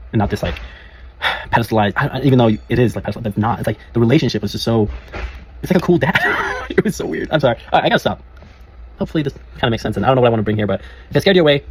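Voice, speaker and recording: A man's voice: mid-range voice, a little hiss or hum. A young man speaking casually and earnestly in a rambling personal monologue, often laughing and restarting his sentences. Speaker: life coach.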